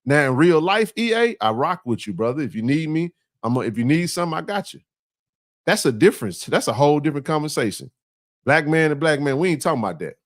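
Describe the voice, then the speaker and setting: A man's voice: on the high side, big pitch swings, fast, no room sound, studio quality. A man hosting a casual sports chat, talking emphatically and repeating himself in playful trash talk.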